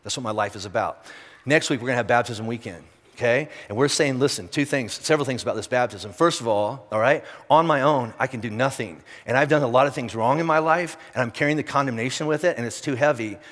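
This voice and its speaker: A man preaching at a quick clip, talking straight to the crowd and stacking up rhetorical questions. His voice sits at an ordinary pitch for a man. The sound carries a long reverb from a big church auditorium. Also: fairly bright tone. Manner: conversational, direct, repeats rhetorical questions. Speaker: pastor. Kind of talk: sermon.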